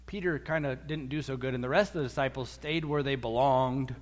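A man preaching a sermon as a pastor, animated, acting out quotes and repeating words as he goes. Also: mid-range voice, a little fast. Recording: echoey hall.

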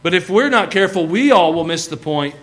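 Folksy animated man preaching. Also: sits high, brisk. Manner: folksy, animated, acts out bits of the story. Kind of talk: sermon.

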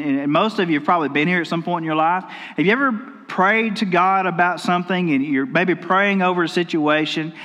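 A pastor in a church sanctuary preaches a sermon in a folksy, storytelling style, often going back to restart his sentences. His fairly bright voice sits high for a man, and it rings with the long reverb of the church hall.

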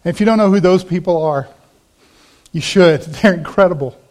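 A middle-aged male pastor delivers a sermon in a fairly high voice. He tells stories and acts out the voices of the people he quotes. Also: normal speed, darkish tone.

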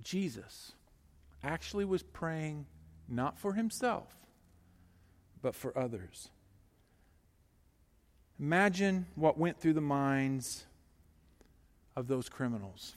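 A man preaching a sermon, swinging between hushed, slow lines and loud, urgent ones. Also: a little high, expressive, big-room sound.

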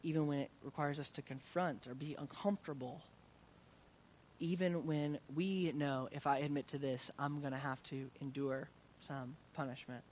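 An earnest male pastor preaching with a fairly high voice. He swells with intensity, then drops soft into prayer. A faint rumble sits under the recording. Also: fairly even intonation, normal speed. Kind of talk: sermon.

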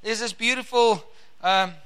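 Male preacher; high, bright voice; fervent scripture reading, stretches key words. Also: a little slow, clear, resonant tone.

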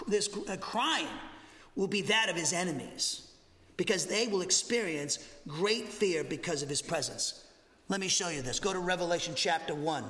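Lively preacher man in an echoing hall. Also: high voice. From Massachusetts, USA. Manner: animated, conversational, jokey asides with frequent "okay?". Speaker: pastor. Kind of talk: expository Bible teaching sermon. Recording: roomy hall reverb.

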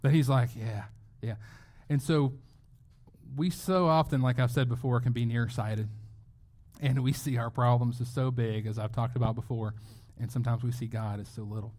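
With a mid-range voice at normal speed, a middle-aged pastor delivers a sermon that feels conversational and animated. He acts out what the people in his story said.

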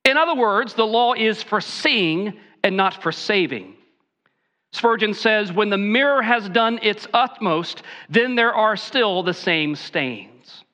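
High bright-voiced man preaching. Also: animated, slow pace. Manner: earnest preaching with folksy asides. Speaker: pastor. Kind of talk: sermon.

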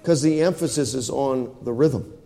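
A man's voice: mid-range voice, normal speed, vocal fry, dark tone, in a large hall. A man preaching a sermon to his congregation in a folksy manner, often checking in with questions. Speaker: pastor. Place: church hall.

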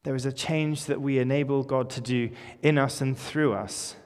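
In an echoey church with long reverb, a male pastor delivers an informal, conversational sermon with light jokes. His medium-pitched voice is steady and darkish, at a normal speed.

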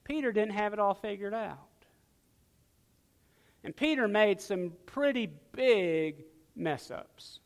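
A male pastor preaching a sermon, swinging from loud emphatic lines to hushed ones. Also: high voice, lively intonation, slow, long pauses, big-room sound.

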